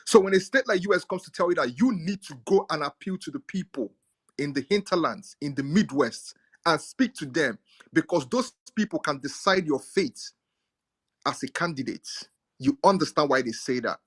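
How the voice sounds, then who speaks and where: A man's voice: a little high, animated, moderate pace, fairly bright tone, slightly rough. A man explaining politics in a lecturing, emphatic way, repeating key words to stress them. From Nigeria. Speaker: speaker in a live audio chat room. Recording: audio chat stream.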